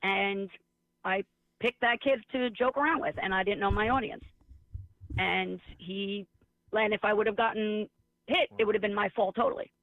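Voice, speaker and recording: This woman, a teacher, tells stories sarcastically in casual conversation, performing the dialogue of everyone involved. Her mid-range voice moves at a moderate pace with no room sound, carried on a tinny phone-like line.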